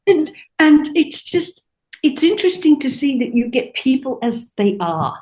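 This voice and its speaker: An older woman, a fashion designer, telling anecdotes in an interview and acting out quotes in a higher voice. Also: measured pace, low-quality recording. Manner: animated anecdotes, acts out quotes in a high voice. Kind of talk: storytelling interview chat.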